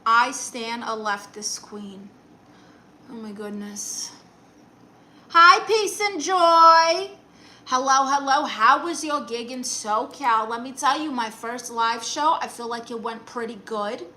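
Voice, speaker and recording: Sassy bright-voiced woman comedian streaming. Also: high-pitched, takes it slowly, slight background noise, poor audio. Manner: sassy, chatty, teasing; breaks into exaggerated put-on quote voices. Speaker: comedian hosting a live stream. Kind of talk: casual live-stream chat, reading comments.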